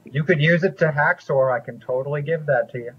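Husky-voiced man running a tabletop game. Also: on the high side, fairly bright tone, faint music behind. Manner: measured, with frequent "uh" pauses. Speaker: game master. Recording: dull lo-fi audio.

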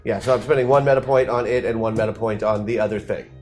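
A man's voice: fairly low pitch, fairly even intonation, fast talker, a little mellow. A man playing a tabletop role-playing game, talking through his moves in a playful, hesitant way. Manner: playful, hesitant with fillers while deciding. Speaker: player. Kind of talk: casual game play talk. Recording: faint background music.

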